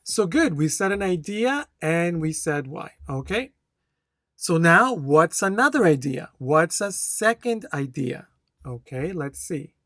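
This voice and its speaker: Test-prep instructor, very slow, deliberate, keeps checking in with the class, dry close sound. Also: mid-range voice, lively intonation, fairly bright tone, no room sound. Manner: slow, deliberate, checks in with "okay?" after each point; reads a model answer aloud with careful intonation. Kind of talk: speaking test tutorial.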